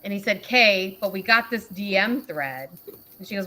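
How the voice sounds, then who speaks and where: A woman's voice: medium pitch, normal speed. A woman hosting a casual livestream who reads out a message exchange and laughs often as she retells it. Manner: laughs often while reading, animated retelling. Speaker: host reading out a message exchange.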